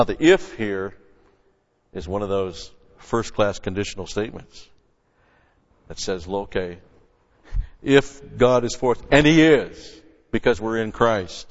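Low-voiced guy preaching, punches words then drops quiet, lo-fi church hall echo. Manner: emphatic, swings between loud stresses and quiet asides. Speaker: pastor. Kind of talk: expository sermon. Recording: lo-fi recording with long hall reverb.

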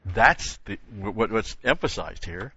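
A man's voice: lowish voice, expressive, a little slow, pushed and bright, a little hiss or hum. An older man teaching a Bible lesson in a sermon, stressing key words and repeating phrases for emphasis. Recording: dull lo-fi sound.

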